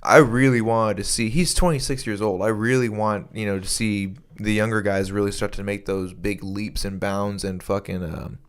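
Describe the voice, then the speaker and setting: A man's voice: lowish voice, steady tone, normal speed, few pauses, clean tone. A young man co-hosting a podcast in casual chat, rambling with lots of restarts and swearing freely. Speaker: podcast co-host.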